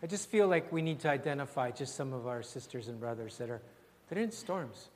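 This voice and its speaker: An older man, preaching and praying in a church in a gentle, unhurried way, repeating phrases and often dropping very soft. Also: mid-range voice, expressive, a little hiss or hum. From Canada. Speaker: pastor. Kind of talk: sermon and prayer. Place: church sanctuary. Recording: long hall reverb, faint ambience.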